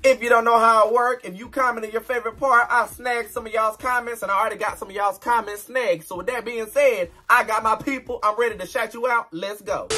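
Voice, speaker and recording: A young man in his twenties hosting a comedy shout-out segment, with a dramatic, sassy, exaggerated delivery. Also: very high-pitched, steady tone, a little fast, few pauses. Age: 20s. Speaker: comedy channel host.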